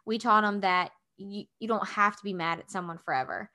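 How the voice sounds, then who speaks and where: Bright, rambling woman podcast host. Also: medium pitch, a little fast. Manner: rambling, animated storytelling full of filler words. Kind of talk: casual couples chat.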